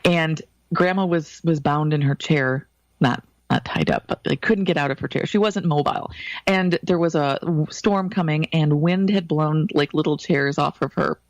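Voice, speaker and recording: A woman's voice: low-pitched, normal speed, dry recording, highs cut off. A woman co-hosting a podcast, telling a story in a casual, chatty way and laughing often. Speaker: podcast co-host. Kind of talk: casual chat.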